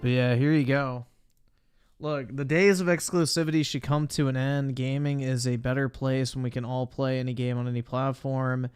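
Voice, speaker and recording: A man's voice: mid-range voice, little pitch movement, moderate pace, a little mellow, clear, resonant tone, no room sound, studio quality, soft background music. Crude mocking young male streamer. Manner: crude, mocking, swears a lot. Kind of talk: casual commentary.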